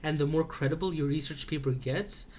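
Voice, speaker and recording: A man's voice: on the high side, fairly even intonation, brisk, darkish tone, slight background noise. A teenage boy recapping a school research project in a vlog, talking loosely with many fillers and restarts. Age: teens. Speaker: high school student.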